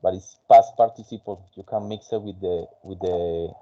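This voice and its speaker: A man whose first language is Spanish, teaching an English conversation class in a halting way with many fillers. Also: low voice, fairly even intonation, warm tone, muffled recording.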